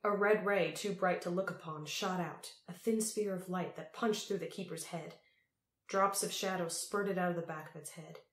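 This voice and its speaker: Lady reading a fantasy audiobook, lowish voice, echoey room. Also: steady tone, normal speed, a bit bright. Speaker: audiobook narrator. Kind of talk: scripted narration.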